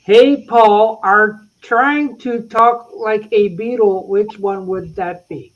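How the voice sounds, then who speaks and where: Slow-talking man. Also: high-pitched, steady tone, highs cut off. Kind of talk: casual chat.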